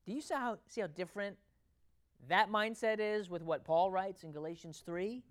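A preacher addressing a congregation in a sermon, voice sitting in a middle pitch. The delivery is emphatic, full of rhetorical questions, dropping to near-hushed lines and rising again. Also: normal speed. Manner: emphatic, rhetorical questions, swings between loud and quiet. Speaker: pastor.

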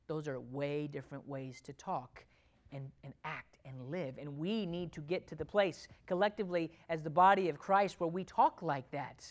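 A woman's voice: medium pitch, normal speed. Emphatic woman preaching a sermon. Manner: emphatic, repeats key points, swings between loud and quiet; asks the congregation questions.

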